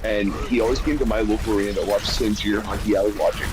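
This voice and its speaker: Low-voiced guy rambling on mid game, keeps repeating himself, faint music under it. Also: fairly even intonation, rapid-fire, low-quality recording. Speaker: streamer chatting while gaming. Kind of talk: casual gaming chat.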